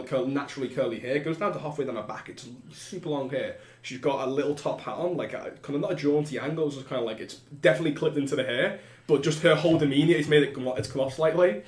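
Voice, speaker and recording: A man's voice: medium pitch, fast. A man narrating as game master in a conversational, rambling way with restarts, recorded with a roomy echo.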